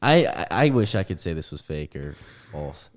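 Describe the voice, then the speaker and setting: This young man's voice sits low, and he talks at a normal speed while casually spinning a meandering story for a podcast. He brings it to life by voicing each person's lines himself.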